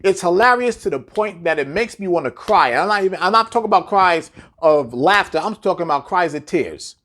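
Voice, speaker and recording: A man's voice: high voice, lively intonation, brisk, fairly bright tone. A man delivering a blunt, profane monologue full of rhetorical questions and repetition, lecturing his audience. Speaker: commentator. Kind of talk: preachy monologue to camera.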